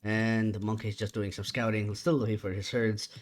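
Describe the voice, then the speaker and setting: A tired man doing chatty solo commentary on a strategy game match, relaxed and casual. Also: lowish voice, normal speed, a little hiss or hum. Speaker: esports caster.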